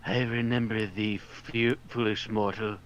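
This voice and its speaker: A man's voice: on the low side, level tone, a little slow, dull audio, a little hiss or hum, lightly acted. A man voicing a snaky, menacing male villain, reading archaic game dialogue aloud with slips and restarts. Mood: gloating.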